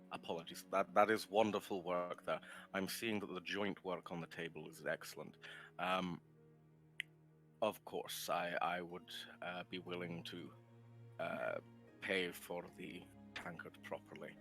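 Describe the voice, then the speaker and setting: A man's voice: low voice, steady tone, a little slow, fairly bright tone, faint music behind. A man voicing a minotaur warrior in a tabletop game, apologizing and making small talk politely, with many hesitant ums and uhs. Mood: apologetic. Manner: overly polite, hesitant, full of filler words.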